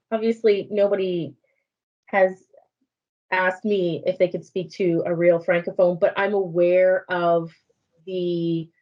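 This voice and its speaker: A woman panelist from Nova Scotia with an Acadian accent in her French, speaking earnestly with many pauses and ums. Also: on the low side, level tone, highs cut off. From Nova Scotia, Acadian community. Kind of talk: panel discussion.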